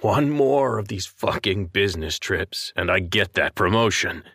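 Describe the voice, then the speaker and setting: Narrator as a large, surly businessman; low and growling, crude. Audio story. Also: expressive, measured pace, a bit bright, husky, no echo, studio quality, exaggerated voice. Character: big rude grumbling businessman.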